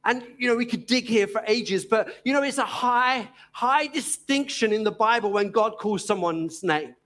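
A man with a Cockney accent from East London preaching a sermon in an earnest, gently emphatic way, pausing often. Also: sits high.

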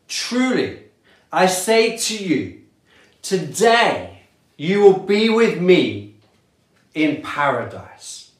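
A pastor delivering a sermon with slow, deliberate preaching, letting key words fall softly for emphasis. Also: medium pitch. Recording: echoey room.

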